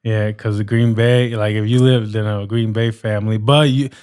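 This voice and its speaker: A man's voice: fairly low pitch, fairly even intonation, moderate pace, darkish tone, clean tone. A man hosting a casual conversation, laid-back and joking, with casual slang. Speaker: host.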